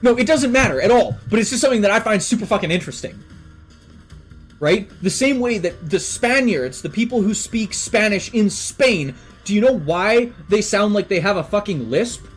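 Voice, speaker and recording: Streamer, mid-pitch voice, casual rambling chat full of cursing, quiet music underneath. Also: animated, moderate pace, slightly rough, low-quality recording. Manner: rambling enthusiastic tangents with swearing. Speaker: live streamer.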